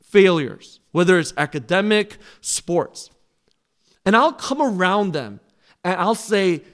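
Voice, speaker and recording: A middle-aged man, a pastor, preaching a sermon in an earnest, pleading way that swells louder on key phrases. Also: big pitch swings, measured pace. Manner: drops to a soft, low close in prayer.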